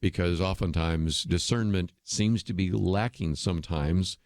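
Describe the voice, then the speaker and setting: A man with a low voice hosts a talk radio show, talking straight to listeners in an earnest, persuasive way. He often pauses on fillers and restarts his sentences. The sound is close and dry, with no room around it. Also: darkish tone, dry recording. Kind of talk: radio commentary monologue.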